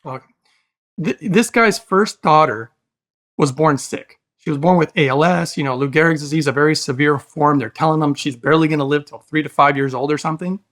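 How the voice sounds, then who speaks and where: A man's voice: on the high side, fairly quick, a bit bright. A man speaking as a podcast guest, earnest and emotional, talking in a preachy, heartfelt way and calling the host brother. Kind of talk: casual interview talk.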